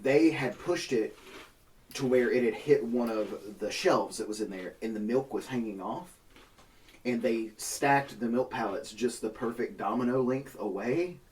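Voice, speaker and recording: Recorded on a distant mic with a bit of hiss or hum, a man in a mid-range voice spins a lengthy tale at a measured pace. He is a podcast co-host chatting casually with friends, cursing liberally and playing out the voices of the people he quotes.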